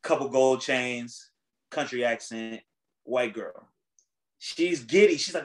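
Animated, profane man recapping gossip. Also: medium pitch, slow pace, long pauses, low-quality recording. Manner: animated storyteller, profane, slangy. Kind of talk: casual recap chat.

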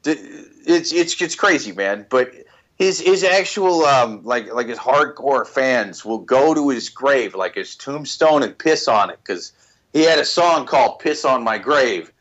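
A man's voice: mid-range voice, expressive, unhurried, a bit bright. A man on a podcast, rambling profanely with many restarts in casual banter. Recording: slightly dull lo-fi sound.

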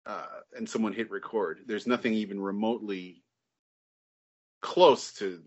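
A man's voice: fairly low pitch, fairly even intonation, unhurried. A man telling a laid-back story in casual podcast banter and mocking the people he quotes. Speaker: podcast co-host. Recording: dull lo-fi sound.

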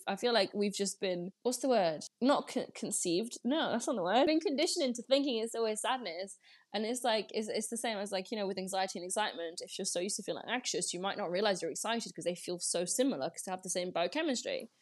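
Chatty reflective young woman. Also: medium pitch. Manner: chatty and reflective, many fillers like "like". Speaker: podcast guest. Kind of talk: casual conversational interview.

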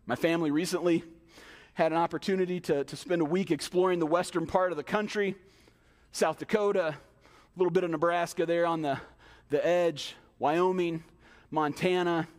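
A male pastor preaching a sermon in a church, emphatic, with rhetorical questions and quick acted-out asides. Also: fairly high pitch, steady tone. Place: church hall. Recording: long hall reverb.

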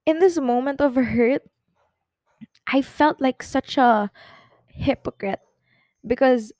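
In a clean studio recording with no echo, a young adult podcast host speaks in a high, slow, darkish voice. Her confessional talk is emotional and rambling, sometimes tearful, and she keeps restarting and using fillers.

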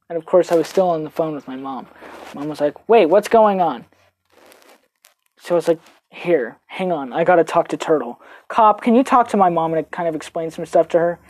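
This young podcast host has a low-sitting voice and a moderate pace, pausing often as she recounts something that happened to her. Her delivery is relaxed and animated, with swearing and put-on voices for anyone she quotes.

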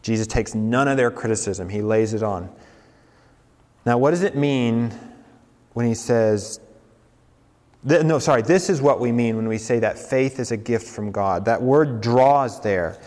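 A male preacher giving a sermon with a lot of energy, now and then lifting his voice high to act out the complaints of doubters. His voice has a middle pitch. It rings out with the long reverb of a large hall. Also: measured pace. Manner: animated, mimics objectors in raised voice. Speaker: campus preacher.

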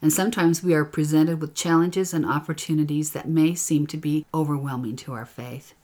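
A middle-aged woman with a notably low voice leads a scripture lesson. She reads in a gentle, earnest manner. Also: steady tone, fairly quick. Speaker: scripture teacher. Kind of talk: gospel lesson with scripture reading.

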